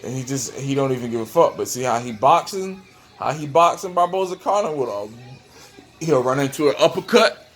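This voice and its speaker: A man giving casual, profane reaction commentary while rewatching a fight, laid-back and quick to laugh. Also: medium pitch, lively intonation, faint music behind.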